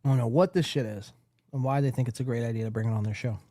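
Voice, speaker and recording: A man's voice: medium pitch, steady tone, racing, mellow, no room sound. A man hosting a live podcast, rambling casually and laughing as he reads the chat aloud, worn out after a long stream. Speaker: podcast host. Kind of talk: casual livestream commentary.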